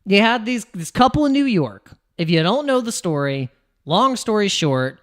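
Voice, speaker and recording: American guy livestreaming crypto stuff, rambly, keeps restarting, voice jumps up and down. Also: normal speed. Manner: rambling, restarts, laughs, animated swings in pitch. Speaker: crypto streamer. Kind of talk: casual livestream chat.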